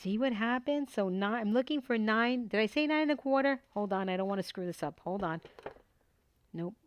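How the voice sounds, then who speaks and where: Working through a papercraft project at her desk at home, a middle-aged woman keeps up an excited, casual chat, walking herself through each step. She has a mid-range voice and talks a little fast, with slight background noise on the recording.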